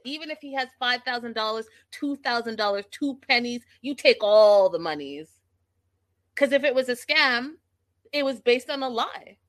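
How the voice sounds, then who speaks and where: A woman giving a casual reality TV recap, sassy and animated, talking straight to her viewers. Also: fairly high pitch, moderate pace.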